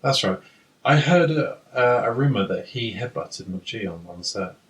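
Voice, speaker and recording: A man's voice: medium pitch, lively intonation, moderate pace, fairly bright tone, far from the mic. A man co-hosting a film podcast in casual chat, laid-back with a dry, teasing manner. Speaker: podcast co-host. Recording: voice set back from the mic.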